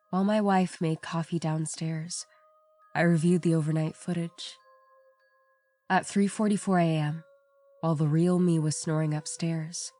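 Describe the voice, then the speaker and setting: A woman narrates a horror story in a measured, somber way. Her voice sits low and has a dark, mellow tone. Faint music plays quietly beneath her reading. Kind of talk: scripted narration. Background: faint background music.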